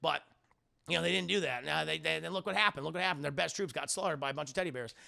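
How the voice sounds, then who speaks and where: A man streaming a casual, profane scene-by-scene film recap, excitable and often calling out to his chat. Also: on the high side, very fast, vocal fry.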